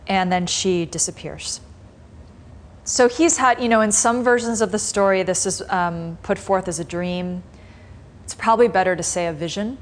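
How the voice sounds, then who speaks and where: A woman teaching a meditation class, retelling a story in a relaxed, conversational way with many fillers. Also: medium pitch, normal speed.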